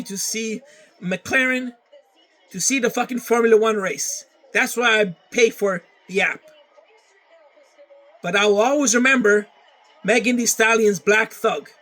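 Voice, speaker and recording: A man's voice: sits high, fairly bright tone, rough recording. A man ranting casually to camera, often stammering and repeating words, with plenty of swearing. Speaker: vlogger.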